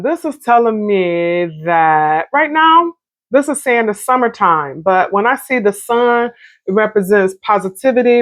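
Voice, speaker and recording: A woman's voice: medium pitch, no echo. Chatty woman reading tarot. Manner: chatty, warm-hearted, talks straight to viewers with Southern American slang. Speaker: tarot reader.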